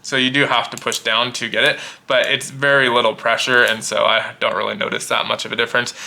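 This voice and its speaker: A man casually demonstrating and reviewing gear, explaining in a relaxed way and thinking aloud with small restarts. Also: mid-range voice, a little fast, creaky.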